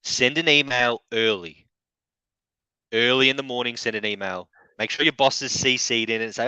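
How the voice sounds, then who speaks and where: Cheeky man with a bright edge. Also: mid-range voice, normal speed, smooth, no room sound, highs cut off. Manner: laughs often, joking and cheeky, swears freely. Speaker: co-host. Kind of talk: casual chat.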